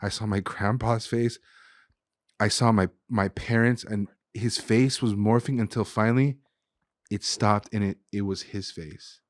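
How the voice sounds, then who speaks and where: Young male guest, relaxed and heartfelt, slangy storyteller; lower voice, dry studio sound. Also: unhurried, no room sound. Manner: casual, says "dude" and "like" often. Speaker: guest, chef and restaurant owner. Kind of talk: emotional personal storytelling.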